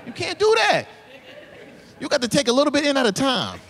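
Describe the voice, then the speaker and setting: High, lively male comic, hamming up characters; live club recording with crowd noise. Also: a little fast, gravelly. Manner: animated, acts out little scenes with exaggerated voices. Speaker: stand-up comedian. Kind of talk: stand-up comedy set. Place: comedy club stage. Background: laughing audience.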